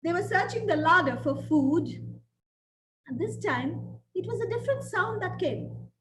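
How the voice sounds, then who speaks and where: A woman lecturer giving a webinar, telling a story and speaking in a deliberate, emphatic way. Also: extremely high pitch, animated, a bit bright. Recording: echoey room with faint noise.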